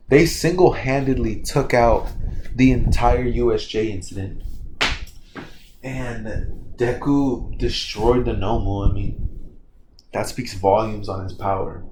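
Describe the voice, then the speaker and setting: A man's voice: mid-range voice, a little mellow, a little hiss or hum. A man casually telling a story, rambling with many fillers and self-corrections. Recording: echoey room, faint ambience.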